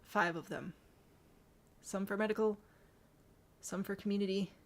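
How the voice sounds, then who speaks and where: A woman's voice: medium pitch, steady tone, a little slow. A young woman from the Midwest chatting casually on a live stream as she builds in a game, laughing often and murmuring to herself. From American Midwest.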